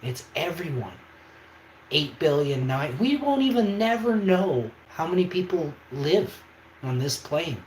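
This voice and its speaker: A man's voice: on the high side, sing-song, a little slow, darkish tone. A man hosting a livestream, talking in an emphatic, rambling way and often checking in with his viewers. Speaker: livestream host. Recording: echoey room, faint background noise.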